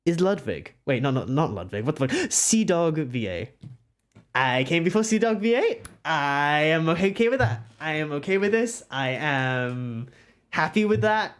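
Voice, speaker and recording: A young Welsh art streamer talks casually to viewers, rambling and breaking into frequent giggles. The pitch swings widely and expressively, at a middling height overall. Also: sing-song, normal speed. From Wales. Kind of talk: casual live-stream chat.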